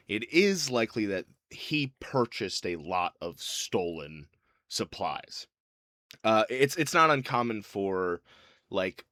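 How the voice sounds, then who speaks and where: Lively low-voiced game master. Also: male voice, dry recording, studio quality. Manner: loose, rambling, laughs often. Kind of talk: narrating a tabletop game.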